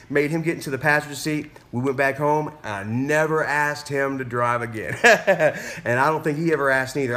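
A man's voice: medium pitch, a bit bright. A man vlogger casually telling a story to camera, rambling with lots of fillers and restarts and casual cursing.

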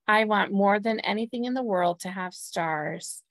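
Wistful little apple tree done by a woman, soft pleading voice, storybook reading, close dry sound. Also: medium pitch, unhurried, dry recording, natural voice. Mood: longing.

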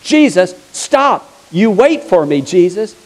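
A man playing a desperate mother, shrill and insistent. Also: big pitch swings, slow, heavily acted. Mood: demanding. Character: desperate mother shouting after someone.

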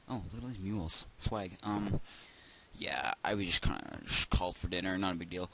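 A man's voice: deep voice, brisk, gravelly. A young man rambling goofily to himself while commentating his game at home. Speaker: gaming video host. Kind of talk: casual let's-play commentary. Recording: heavy background noise hiss.

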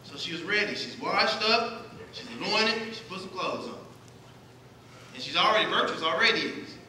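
High bright-voiced preacher, echoey church. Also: male voice, expressive, moderate pace, a little hiss or hum. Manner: asks the congregation questions and answers them himself. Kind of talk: sermon. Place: church sanctuary. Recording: echoey church hall, distant mic.

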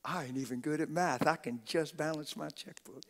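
Fiery preacher, whispers to shouts. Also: male voice, on the high side, normal speed. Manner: dramatic swings from whispers to shouts; plain-spoken, street-style talk. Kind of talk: sermon. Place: church auditorium.

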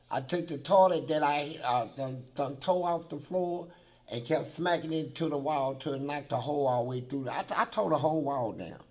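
A man's voice: a little high, a little mellow. A man being interviewed who tells blunt, profane stories about prison life in a vivid, swearing manner. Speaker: interview guest.

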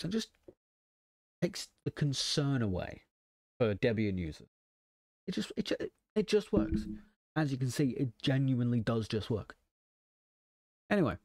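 Wry man walking through a software install. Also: medium pitch, no room sound, studio quality. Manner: wry, self-deprecating asides. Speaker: tech channel host. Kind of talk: casual software tutorial.

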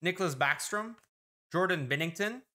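An excitable man talks through a card-opening video, listing player names quickly and breaking into exclamations. His voice sits a little high for a man and sounds bright and forceful. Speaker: host opening hockey card packs. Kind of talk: casual card-opening commentary.

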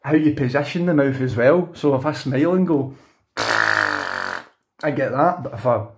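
A man's voice: mid-range voice, a little fast, a little mellow. Young Scottish man, beatbox teacher, loose chatty delivery full of restarts and asides. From Scotland. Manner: chatty, rambling, frequent self-corrections and "you know what I mean". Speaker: beatbox tutor. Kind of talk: casual video tutorial.

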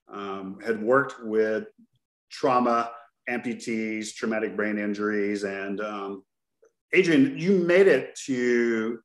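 A man from Texas hosting a podcast in casual chat, telling stories in a laid-back, joking way with plenty of fillers, in a roomy recording. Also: medium pitch. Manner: laid-back, jokey storyteller with lots of fillers. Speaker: podcast host. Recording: roomy echoey sound.

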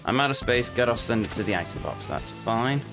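A man's voice: mid-range voice, expressive, fairly quick, over music. A man casually commenting while playing a game, muttering to himself with dry jokes. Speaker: let's play host.

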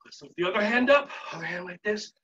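Upbeat man leading a yoga warm-up. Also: high voice, expressive, quick pace, breathy edge, lo-fi sound. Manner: upbeat, coaching, playful cues. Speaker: yoga instructor for teachers. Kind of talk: live virtual workshop instruction. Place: home setting.

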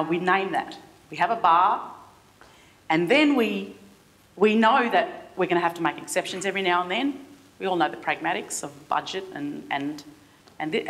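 A middle-aged woman with an Australian accent giving a conference keynote in an impassioned, halting way, often restarting her sentences. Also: on the low side. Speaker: keynote speaker. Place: theatre forum stage.

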